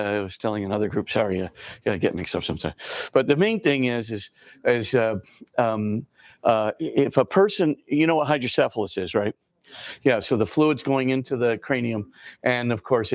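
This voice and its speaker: A priest giving an informal lecture to a class, talking conversationally with many fillers and acting out quoted dialogue. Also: male voice, medium pitch, dry recording, clean studio sound.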